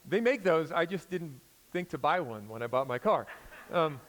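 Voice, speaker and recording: An American man in his forties preaching a sermon in a conversational storytelling way, swinging between loud emphasis and quiet intensity. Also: a little high, lively intonation, moderate pace, rough recording. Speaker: pastor.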